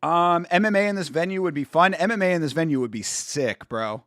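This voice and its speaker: A young man hosting a casual live watch-along stream, chatty and excitable, full of slang and swearing. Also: fairly high pitch, brisk, no echo, clean studio sound. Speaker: stream host.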